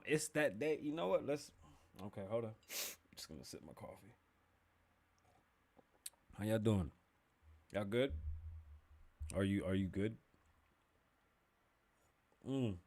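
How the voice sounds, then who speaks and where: A man's voice: on the low side, darkish tone. A young man hosting a casual podcast livestream, joking and chatting loosely, swearing freely as he talks to viewers. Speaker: podcast host.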